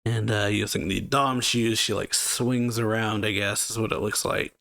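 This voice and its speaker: A man's voice: lowish voice, steady tone, moderate pace, gravelly, pushed and bright, no echo. A man casually recapping a manga chapter as a reaction channel host, rambling with many fillers.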